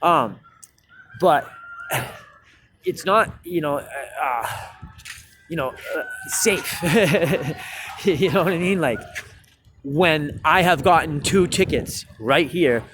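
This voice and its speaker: A man's voice: lively intonation, takes it slowly, long pauses, background noise. A man talking casually to camera outdoors, rambling and swearing, with many fillers, growing indignant as he gets worked up. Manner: rambling, profane, fillers like "you know what I mean"; indignant, rising pitch when worked up. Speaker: street musician vlogger. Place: outdoors by a city building.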